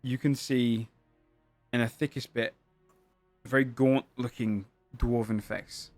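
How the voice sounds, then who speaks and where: A man's voice: medium pitch, steady tone, measured pace, dry recording, faint music behind. A man running a tabletop game as game master, describing scenes at length with frequent fillers and self-corrections.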